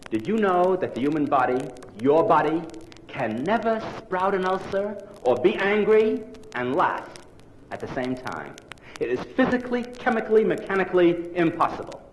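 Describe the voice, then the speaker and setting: A man in his forties delivers a comic lecture with a theatrical flair and a lively, swooping pitch. The room sounds large and echoey. Faint hiss from an early 1960s vinyl record sits underneath. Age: 40s. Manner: theatrical, punchline-driven. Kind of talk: comic lecture to a live audience. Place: lecture hall with audience. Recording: roomy live hall on early 1960s vinyl. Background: audience laughter.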